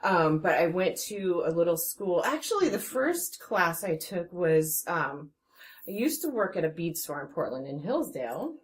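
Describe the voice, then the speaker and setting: A woman's voice: on the low side, big pitch swings, moderate pace. A woman in her forties, a guest metalsmith, talking chattily and enthusiastically in a casual interview at her home workshop. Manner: chatty and enthusiastic, with many restarts. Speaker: guest metalsmith and jewelry designer.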